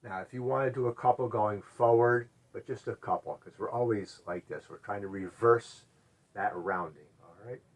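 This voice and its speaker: A middle-aged man leading a gentle chair yoga class, calmly cueing stretches and breaths and often trailing off into quiet murmured "all right"s. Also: normal speed. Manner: often drops to a soft, low murmur. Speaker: yoga instructor.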